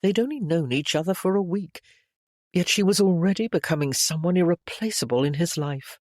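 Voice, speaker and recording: A narrator reading a period romance novel aloud in a measured, gentle storytelling manner. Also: medium pitch, dry recording, clean studio sound.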